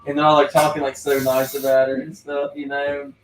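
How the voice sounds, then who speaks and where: A man's voice: medium pitch, completely flat delivery, fairly quick. A man casually retelling TV episodes in a rambling way, full of "like" fillers, in a tattoo studio. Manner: rambling storyteller, lots of "like" fillers, frequent laughter. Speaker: tattoo artist. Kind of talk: casual chat. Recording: echoey room, mic at a distance, faint noise.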